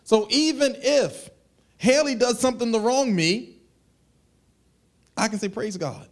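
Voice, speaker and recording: A man preaches with a high-pitched voice in a loose, conversational way. He slips into little acted voices to make his points. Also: unhurried. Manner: animated, conversational preaching with acted asides and laughs. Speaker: pastor. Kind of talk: sermon.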